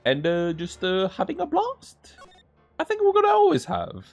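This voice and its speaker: A man's voice: high-pitched, wildly swooping pitch, moderate pace, creaky, soft background music. A man hosting a casual let's-play, rambling with lots of filler words. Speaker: gaming channel host.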